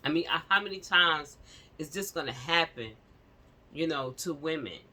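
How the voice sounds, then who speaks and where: A woman's voice: deep voice, animated, normal speed, sharp tone. A woman vlogger at home, giving impassioned casual commentary on a news story and speaking straight to her viewers with repeated fillers.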